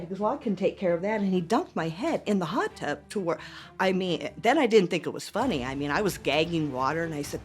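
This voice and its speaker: A woman giving interview testimony, retelling events in a halting, animated way and acting out the dialogue. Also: mid-range voice. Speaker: interviewee, former girlfriend.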